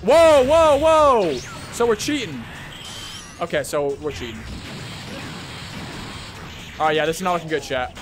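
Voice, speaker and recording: A young man streaming a fighting game, commenting live with excitable, profane trash talk. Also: fairly high pitch, normal speed, pauses often. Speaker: gaming streamer. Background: game music.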